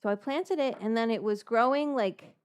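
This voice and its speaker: A woman hosting a cooking vlog, talking in a rambling, animated way with many restarts and asides. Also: fairly high pitch, normal speed, clear, resonant tone. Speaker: cooking show host. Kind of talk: casual chatty cooking vlog.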